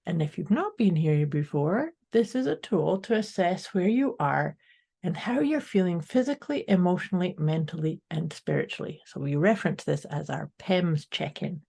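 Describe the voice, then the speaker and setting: A woman's voice: on the low side, animated, normal speed, vocal fry, warm tone, breathy edge. A woman co-hosting a podcast in an upbeat, casual way, speaking directly to her listeners. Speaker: podcast co-host. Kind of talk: casual motivational chat.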